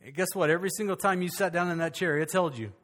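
High-voiced older male pastor preaching. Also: fast, a bit bright. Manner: folksy storytelling, rising to fervent preaching. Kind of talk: sermon.

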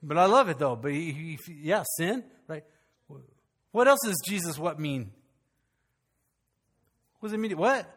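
A man preaching a sermon as pastor, animated and calling out questions to his congregation. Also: on the high side, a little slow, pauses often, in a large hall.

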